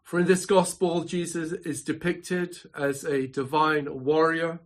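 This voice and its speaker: Slow, measured preaching man. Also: fairly high pitch, flat delivery. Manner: measured, emphatic preaching with dramatic repetition. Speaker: pastor. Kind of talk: sermon. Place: home study.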